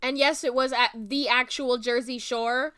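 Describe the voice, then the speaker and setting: A woman's voice: fairly high pitch, steady tone, normal speed, fairly bright tone, clear, resonant tone. A young woman streamer gushing and rambling with fillers in casual stream chat.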